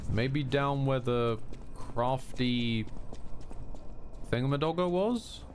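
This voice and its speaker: A man's voice: medium pitch, takes it slowly, a little hiss or hum. A man streaming a game live, talking to himself with sarcastic, jokey commentary. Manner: sarcastic, jokey self-talk.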